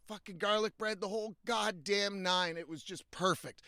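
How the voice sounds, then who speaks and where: A young man with a fairly high voice rants bluntly about his life, swearing freely and sounding fed up. The sound is dry and close, with almost no room around it. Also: moderate pace, pushed and bright, dry recording. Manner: profane, blunt, frequently exasperated. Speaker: vlogger. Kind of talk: casual storytelling rant.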